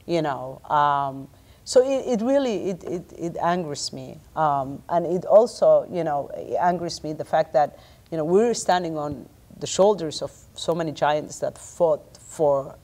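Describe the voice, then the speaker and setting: Impassioned low-voiced woman, halting restarts. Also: lively intonation, a little mellow. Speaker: panel speaker. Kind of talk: community panel discussion.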